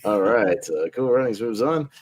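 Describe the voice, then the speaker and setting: A man's voice: on the low side, lively intonation, normal speed. A man hosting a casual group talk, laughing often and calling on each panelist in turn. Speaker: show host running the bracket.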